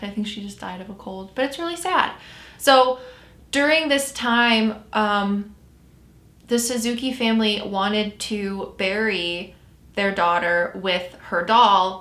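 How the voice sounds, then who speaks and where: A woman tells a story in a loose, conversational way and often stops to correct herself. Her voice is bright and forward. The sound carries noticeable room echo. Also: mid-range voice. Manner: chatty, self-correcting storyteller. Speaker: podcast host. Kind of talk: casual storytelling chat.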